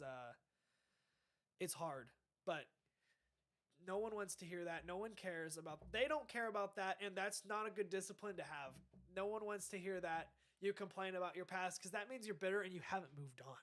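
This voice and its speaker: A young man with a fairly high voice chats casually on a podcast. He rambles, restarts sentences and lets his thoughts trail off as he reacts to dating advice. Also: fairly bright tone. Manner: rambling, trailing off, self-correcting. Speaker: podcast host.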